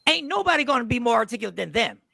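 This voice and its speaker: A man hosting a talk show, arguing his point forcefully in a heated panel debate and interrupting often. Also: extremely high pitch, big pitch swings, rapid-fire, vocal fry, no echo. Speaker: show host.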